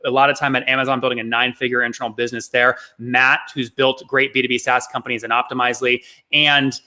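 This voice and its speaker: Brisk bright-voiced male show host. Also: mid-range voice, level tone. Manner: brisk, promotional, direct address to viewers. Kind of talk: live show wrap-up and promotion.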